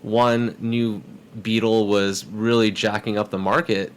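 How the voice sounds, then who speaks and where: Fairly low in pitch and measured in pace, this man speaks with a little hiss or hum in the background. He's a podcast guest narrating a story casually, animated and impersonating the people he quotes.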